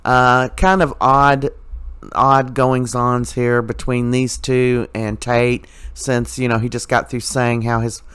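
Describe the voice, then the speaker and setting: A man's voice: mid-range voice, little pitch movement, slow, a bit bright, clear, resonant tone, no echo. A man with a mid-range voice recaps the day's soap opera episode in a casual, chatty way. He fills his speech with "you know" and "uh" and drops in his opinions as he goes. The tone is conversational, like a regular catching his viewers up.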